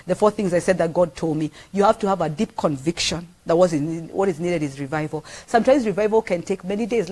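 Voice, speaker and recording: A woman's voice: on the low side, darkish tone, slightly rough. A middle-aged woman with a Kenyan accent preaching a sermon, earnest and emphatic, repeating phrases for weight. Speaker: pastor.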